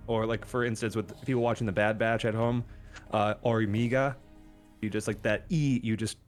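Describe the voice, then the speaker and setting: A man's voice: fairly low pitch, steady tone, a little fast, soft background music. A man co-hosting a casual podcast, explaining hesitantly with many fillers. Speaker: podcast co-host. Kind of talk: casual chat.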